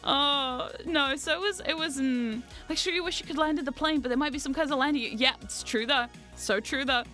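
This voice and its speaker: High, bright-voiced chatty woman streamer. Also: moderate pace, soft background music. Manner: chatty, swears freely, frequent laughter. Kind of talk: casual storytelling chat.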